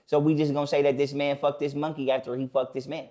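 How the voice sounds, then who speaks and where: A man with a slightly raised pitch speaks in a casual podcast conversation. He is blunt and profane. He often restarts his sentences and slowly repeats the points he wants to drive home. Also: flat delivery, dark tone. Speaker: podcast guest.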